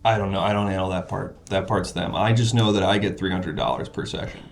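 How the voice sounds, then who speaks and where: A man's voice: sits low, fairly even intonation, fairly quick, slight background noise. A man playing a laid-back, money-minded male therapist in an improvised comedy sketch, asking dry, probing questions. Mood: deadpan.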